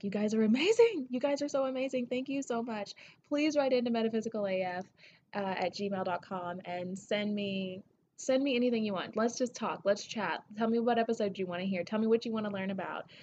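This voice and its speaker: A woman from Tennessee with a Southern accent, hosting her podcast in an excitable, gushing, casual way that swears freely. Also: fairly high pitch, lo-fi sound, a little hiss or hum. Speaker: podcast host. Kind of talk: casual solo podcast shout-outs.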